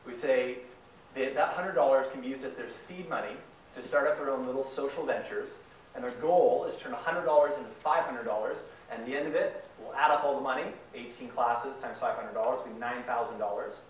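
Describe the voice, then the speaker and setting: Recorded from a far-off mic in an echoey large hall with faint ambience and a slight hiss or hum, a young man from Canada speaks a little fast in a medium-pitched voice. His guest talk is enthusiastic, and he performs the quotes as he tells a story.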